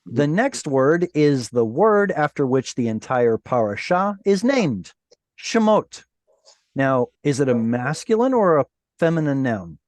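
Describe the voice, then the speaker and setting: A man's voice: mid-range voice, big pitch swings, a little mellow, no echo. Patient man teaching an online Hebrew class. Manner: patient, explanatory, pronounces Hebrew words slowly. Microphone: video call.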